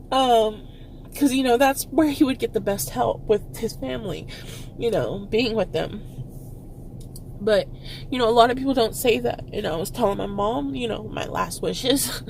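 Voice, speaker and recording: Young woman, from Texas, teary and halting, fillers and nervous laughter, slightly high voice, faint room ambience. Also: gravelly, darkish tone, slight background noise. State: tearful, close to crying. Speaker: vlogger. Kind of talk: emotional personal storytelling.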